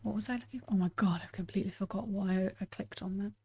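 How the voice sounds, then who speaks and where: A woman's voice: mid-range voice, fast talker, warm tone, breathy edge. A woman streamer giving casual game commentary, chatty and self-correcting as she thinks aloud.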